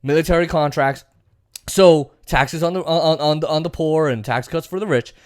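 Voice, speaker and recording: Man, political commentary host, blunt, profane, rambling, higher-pitched voice. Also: normal speed, no room sound, studio quality. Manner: blunt, profane, lots of fillers and restarts. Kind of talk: casual political rant.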